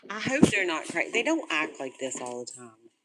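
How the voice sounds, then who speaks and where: With a low-pitched voice at a normal pace, a woman who breeds puppies films her litter and chats casually to them and her audience. She gently coaxes the pups to settle as they yap and scuffle in the noisy background.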